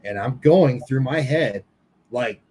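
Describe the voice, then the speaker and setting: Casual storytelling man, middle pitch. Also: expressive, slow pace, warm tone, slightly rough, rough recording. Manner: candid, swears casually, retells dialogue. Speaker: paranormal podcast co-host.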